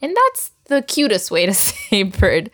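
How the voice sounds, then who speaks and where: A woman's voice: mid-range voice, wildly swooping pitch, a little slow, fairly bright tone. Patient woman teaching vocabulary. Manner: patient, encouraging, laughs often. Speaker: language teacher.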